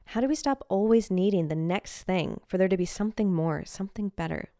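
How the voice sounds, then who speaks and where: Smooth-voiced candid woman podcaster. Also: medium pitch, a little fast, dark tone, no echo, clean studio sound. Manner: candid, enthusiastic, confessional. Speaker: podcast host. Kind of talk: personal podcast monologue.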